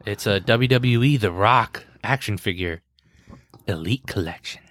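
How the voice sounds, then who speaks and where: A man's voice: on the low side, measured pace, fairly bright tone, no room sound. A man co-hosting a podcast, asking curious questions and reacting in casual chat. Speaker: podcast co-host.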